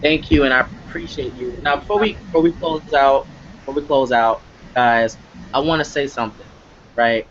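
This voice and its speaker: A man's voice: mid-range voice, moderate pace, fairly bright tone, highs cut off, a little hiss or hum. A man hosting a live motivational webcast, talking emphatically and repeating himself, often checking in with "right?". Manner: emphatic, repetitive, tag questions. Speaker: webcast host.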